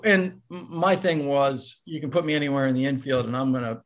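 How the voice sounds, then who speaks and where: A man's voice: medium pitch, fairly quick. An older man, a former ballplayer, telling a casual story as a podcast guest and acting out the voices of the people in it. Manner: animated storyteller, acts out quoted voices.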